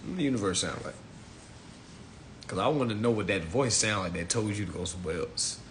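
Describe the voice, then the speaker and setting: A man's voice: lively intonation, fairly quick, a bit bright, a little hiss or hum. A man hosting an online class on a live stream, ranting bluntly and mockingly at his listeners. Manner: blunt, profane, mocking, mimics people in high voices. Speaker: online finance class host.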